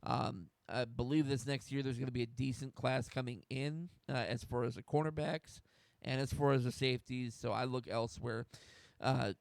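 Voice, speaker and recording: A man's voice: medium pitch, steady tone, normal speed, gravelly, no echo. A young man from the United States hosting a solo sports talk stream, getting fired up, swearing and restarting his sentences. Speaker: host.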